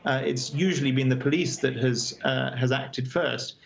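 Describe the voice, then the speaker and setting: A man giving a remote news interview as the chair of an advocacy group, speaking over a video call in a measured, earnest way with frequent hesitations. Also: medium pitch, creaky, lo-fi sound.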